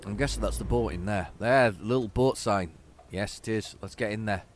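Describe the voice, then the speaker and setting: A man's voice: on the low side, normal speed, a little hiss or hum. Rambling man narrating gameplay. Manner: rambling, chatty, self-deprecating. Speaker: let's play host. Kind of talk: casual gameplay commentary. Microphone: desk microphone.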